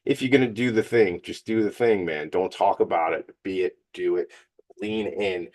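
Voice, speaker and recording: Upbeat New radio host, man in his 40s, low voice, motivational and jokey. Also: normal speed. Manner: fired-up, joking, motivational. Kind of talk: energetic radio monologue.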